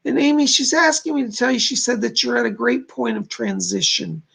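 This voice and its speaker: A man's voice: extremely high pitch, brisk, vocal fry, pushed and bright, husky. A man hosting a live stream as a psychic medium, chatting with viewers and relaying messages with many "she said" asides.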